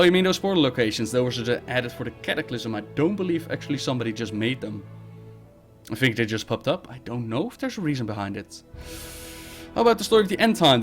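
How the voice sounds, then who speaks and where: Lively, blunt male streamer. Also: mid-range voice. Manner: reads viewer questions aloud, then answers bluntly and briskly. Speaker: streamer hosting a live Q&A. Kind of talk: casual live-stream chat.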